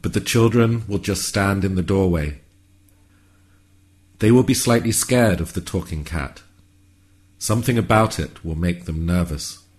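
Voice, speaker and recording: A man narrating a whimsical story in a calm, measured, wry way. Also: deep voice.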